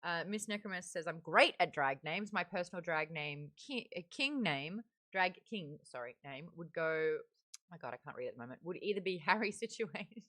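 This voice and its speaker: A woman's voice: on the low side, animated, moderate pace, a bit bright. An Australian woman hosting a live-stream book club, chatting casually and reading viewer comments aloud into a desk mic. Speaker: livestream book club host. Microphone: desk microphone beside a webcam.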